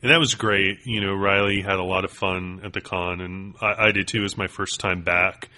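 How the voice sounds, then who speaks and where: A man with a fairly low voice and a bright, forceful edge, co-hosting a podcast. He talks in casual chat and tells stories with excitement, full of fillers and restarts. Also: moderate pace. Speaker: podcast co-host.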